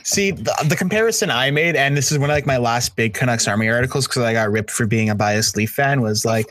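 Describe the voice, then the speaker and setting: A man's voice: mid-range voice, fast talker, a bit bright. A man hockey writer chatting on a podcast, stumbling over restarts and slipping into dry irony. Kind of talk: casual hockey chat.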